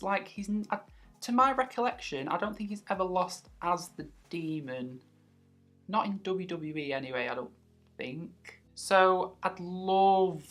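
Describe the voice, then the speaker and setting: A woman's voice: low-pitched, fairly bright tone. A woman vlogging wrestling predictions in a chatty, casual way, acting out other people's reactions as she talks. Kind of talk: casual chat.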